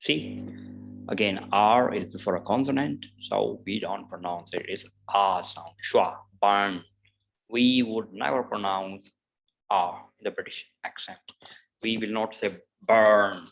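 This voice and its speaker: A man with a lowish, creaky, fairly bright voice teaches a pronunciation lesson over poor audio with a little hiss or hum. He goes slowly, repeating each example word several times and explaining patiently, peppering his talk with "obviously" and "uh."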